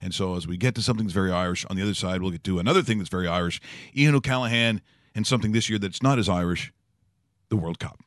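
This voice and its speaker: A male sports talk host with a low voice, rambling through casual banter with plenty of fillers, restarts and easy laughs. He was recorded close and dry in a studio. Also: fast, no echo.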